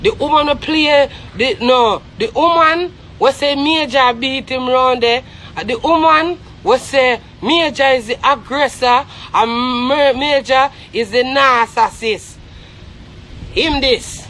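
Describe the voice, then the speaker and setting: A woman's voice: high voice, a bit bright, slight background noise. A Jamaican woman giving heated, scornful gossip commentary on a live stream. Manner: scornful, rapid, repetitive.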